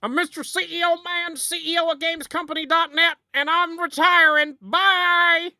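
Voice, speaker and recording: A streamer putting on a squeaky, cartoonish voice for a goofy male corporate boss character. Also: level tone, moderate pace, sharp tone, dry recording, clean studio sound, exaggerated voice. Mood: chipper.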